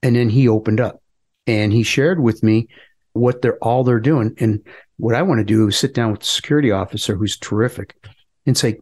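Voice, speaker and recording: A man's voice: medium pitch, fairly quick, a little mellow. A middle-aged man, a politician co-hosting a podcast, talking in a plain-spoken, earnest, folksy way. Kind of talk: casual political chat.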